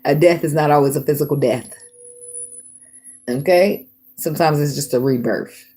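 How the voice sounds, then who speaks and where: Husky, blunt, foul-mouthed woman reading tarot. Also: low-pitched, normal speed, dark tone. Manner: blunt, profane and laughing often. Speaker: tarot reader.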